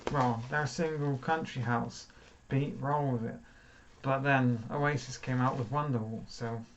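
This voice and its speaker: Brief: male vlogger, slow easygoing delivery, self-deprecating asides; slightly muffled audio with faint hiss. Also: mid-range voice, steady tone. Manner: chatty, self-deprecating, thinks aloud. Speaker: vinyl record reviewer. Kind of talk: casual unboxing chat.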